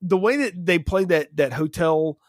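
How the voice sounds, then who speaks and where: High-voiced animated male podcast co-host. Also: normal speed, no room sound, clean studio sound. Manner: animated, laughs often, tells anecdotes. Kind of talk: casual film review chat.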